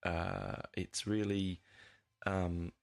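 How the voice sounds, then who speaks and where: Gravelly low-voiced man rambling about records. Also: level tone, extremely slow. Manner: rambling and hesitant, many fillers, casual swearing. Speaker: podcast host. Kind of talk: casual music review monologue.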